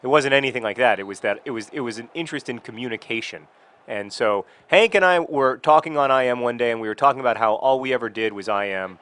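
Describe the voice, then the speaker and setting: A man's voice: medium pitch, fast, a bit bright, no room sound. A man chatting casually about his past while playing a video game, rambling and breaking off into frustrated outbursts at the game. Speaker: video blogger.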